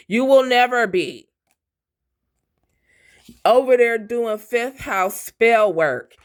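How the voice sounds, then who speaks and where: A woman giving a fiery, profane tarot reading, blunt and defiant. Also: medium pitch. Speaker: tarot reader.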